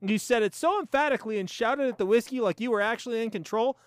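A man's voice: very high voice, fast, clean tone, no echo, clean studio sound. A man in his forties hosting a profane, sarcastic commentary show, ranting with lots of swearing. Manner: animated, sarcastic, swears a lot. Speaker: show host.

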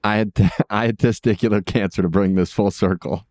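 Man, interview host, smooth lowish voice, dry sound. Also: fairly even intonation, a little fast, darkish tone, no room sound. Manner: chatty, laughs easily. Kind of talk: casual interview.

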